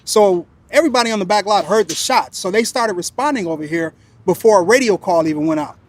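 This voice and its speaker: A retired police officer recounting a case in a relaxed, conversational way, with fillers and pauses. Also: male voice, sits high. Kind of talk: storytelling interview.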